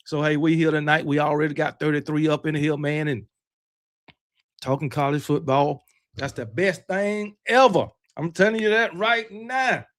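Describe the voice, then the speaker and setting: A man's voice: a little high, a bit bright. A man hosting a college football livestream, chatting casually in a loose, fired-up and brash way with mild cursing. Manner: talks with candy in his mouth. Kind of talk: casual live-stream chat.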